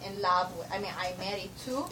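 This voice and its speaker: A woman's voice: mid-range voice, a little fast, pushed and bright, faint music behind, pitched below the performer's own voice, natural voice. A young woman putting on a giggly foreign-accented persona in broken English, filmed at home. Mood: playful. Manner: broken grammar with stray "to the", giggly. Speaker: roommate. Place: home room. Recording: noisy home video from a distance.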